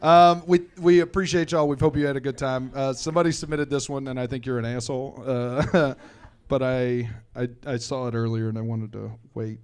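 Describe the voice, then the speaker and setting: A man from Missouri telling a rambling, animated story on stage, swearing freely as a comedy co-host in a live Q&A. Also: mid-range voice, normal speed, clear, resonant tone.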